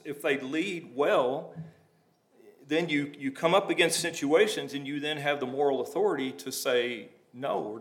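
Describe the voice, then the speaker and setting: Guy preaching through a bible passage, reads then chats about it, mid pitched voice. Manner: reads verses then breaks into plain conversational asides. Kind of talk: sermon, reading scripture and explaining it.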